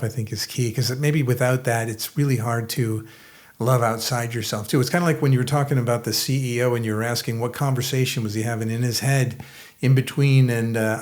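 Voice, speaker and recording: Calm man hosting an interview. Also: medium pitch. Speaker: host. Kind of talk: reflective interview questions.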